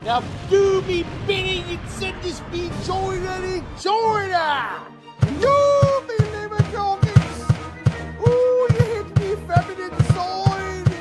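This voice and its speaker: A woman voicing a zany, crude summoner in a comedy sketch, shouting in a mangled old-timey dialect over music. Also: very high-pitched, slow. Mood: frenzied. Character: zany shrieking cartoonish summoner, crude and manic. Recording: music playing behind.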